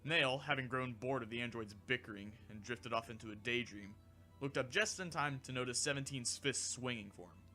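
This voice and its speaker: A man narrating a fan audiobook in a steady, even storytelling manner. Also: mid-range voice, a little fast, faint music behind.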